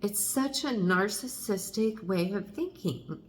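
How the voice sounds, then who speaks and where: In this candid personal vlog, a middle-aged woman speaks as a mother in an animated, mid-range voice at a slow pace, with slight hiss or hum present. Her talk is frank and confessional, with wry remarks and an odd mild swear word.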